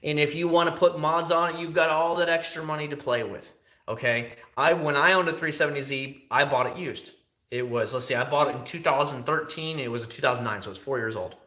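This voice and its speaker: A man chats through a casual livestream, animated and talkative as he answers viewers' questions. His voice is bright and forward. The sound has a noticeable echo around it. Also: mid-range voice. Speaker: livestream host.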